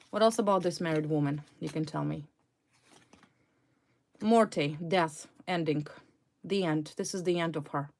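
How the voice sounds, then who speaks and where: Lowish-voiced woman doing a tarot reading, emphatic and indignant, repeats words a lot. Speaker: tarot reader. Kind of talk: tarot card reading to viewers.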